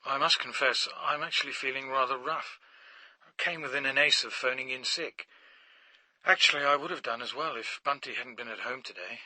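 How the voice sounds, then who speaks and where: A man's voice: medium pitch, fairly quick, pushed and bright, dry recording, low-quality recording. A man doing a timid, prim Englishman. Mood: sheepish. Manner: hesitant, apologetic, fumbling. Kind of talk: audiobook character reading.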